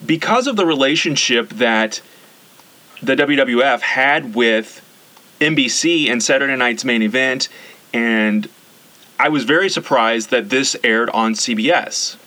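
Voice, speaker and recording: Bright-voiced man hosting a casual chat. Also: medium pitch, measured pace. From US Central region. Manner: rattles off lists, chatty and relaxed. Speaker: podcast host.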